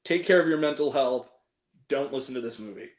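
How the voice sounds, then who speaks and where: A man's voice: medium pitch, fairly quick, echoey room. A young man hosting a casual film review chat, ranting and swearing freely as he picks apart the movies he hated. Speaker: host.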